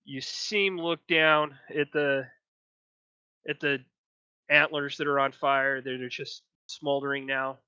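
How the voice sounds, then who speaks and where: A man narrating a tabletop game as game master, slow and descriptive. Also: mid-range voice, steady tone, bright, forceful tone, clean tone, no echo, muffled recording.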